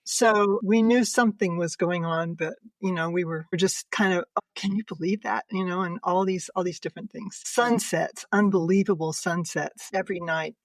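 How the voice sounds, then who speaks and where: An older woman, a podcast guest, earnestly and emotionally telling a personal story, laughing softly between sentences. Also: on the low side, steady tone, normal speed, hardly any pauses, no echo.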